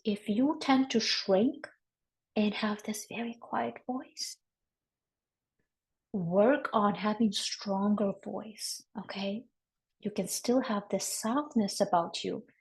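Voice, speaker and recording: A woman, a marriage and family therapist, teaching a workshop in a calm, instructive way, often checking in with listeners. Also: mid-range voice, poor audio.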